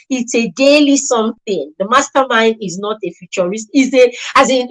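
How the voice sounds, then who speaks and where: Woman w/ a kinda high voice pitching her kids program, really emphatic, keeps repeating stuff for effect. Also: moderate pace, few pauses, a bit bright, low-quality recording. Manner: emphatic and repetitive, stressing key words. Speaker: host promoting a children's mentorship program. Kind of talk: persuasive promotional talk.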